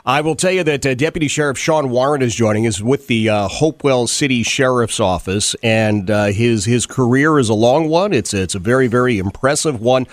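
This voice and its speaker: A man's voice: medium pitch, brisk, hardly any pauses, dry recording. A man hosting a talk radio interview, earnest, often repeating words and using fillers. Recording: dry studio sound.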